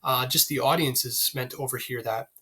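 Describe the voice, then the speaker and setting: A man's voice: medium pitch, steady tone, fairly quick, sharp tone, breathy edge. A man teaching a literature lesson in a chatty way, with frequent fillers and questions to the class. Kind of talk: recorded literature lecture.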